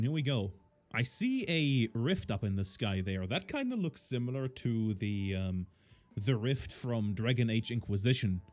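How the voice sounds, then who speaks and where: A man's voice: mid-range voice, darkish tone. A man casually commenting on a game as he plays, thinking aloud with lots of fillers. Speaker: game streamer.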